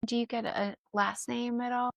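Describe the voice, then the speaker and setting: A woman's voice: a little high, little pitch movement, moderate pace, creaky, dry recording, clean studio sound. A woman moderating a session, asking brief, curious questions and reading out requests.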